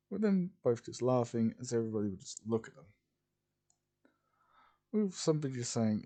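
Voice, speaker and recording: A man's voice: medium pitch, animated, moderate pace, long pauses, mellow. A man casually narrating a fan fiction story in a rambling, repetitive way. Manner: rambling, repeats "as ... would just".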